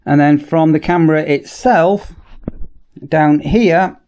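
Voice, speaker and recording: A man giving a casual, chatty product demonstration in a workshop, often repeating "as I say" and pausing on ums. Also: fairly high pitch, darkish tone. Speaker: product reviewer.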